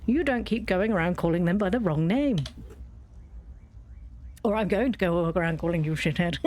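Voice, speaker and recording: A woman's voice: mid-range voice, a little mellow. A woman with a British accent, bluntly ranting and swearing freely while chatting over a game. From Britain. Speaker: YouTuber playing a game. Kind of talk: casual gameplay commentary.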